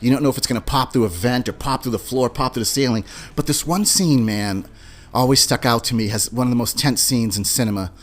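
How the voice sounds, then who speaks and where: A man hosting a casual podcast, telling movie scenes in an animated way and imitating beeps and lines. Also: mid-range voice, brisk. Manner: animated storyteller, mimics beeping sounds and movie lines. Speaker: podcast host.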